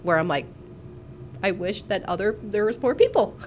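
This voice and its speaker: A woman's voice: mid-range voice, animated, normal speed, slight background noise. A woman who is a nurse and podcast co-host, talking bluntly and profanely in casual chat and laughing often.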